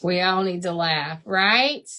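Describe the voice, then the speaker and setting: A woman's voice: lowish voice, takes it slowly, pushed and bright, a little hiss or hum. A woman hosting a craft livestream, chatting casually, laughing often and answering viewers by name. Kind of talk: casual live chat while crafting.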